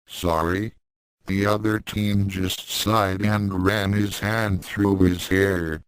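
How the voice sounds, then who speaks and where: Male storyteller, deep unhurried voice, dry close recording. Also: level tone, clean tone, dry recording, rough recording. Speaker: fan fiction reader. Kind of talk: scripted narration.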